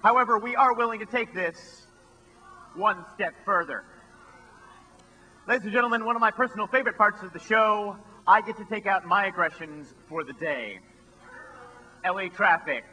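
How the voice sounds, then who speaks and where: Sarcastic stage presenter man, very bright. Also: high voice, normal speed, long pauses, poor audio. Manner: dry, sarcastic patter with the crowd. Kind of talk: live stage showmanship. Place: stage before a live audience.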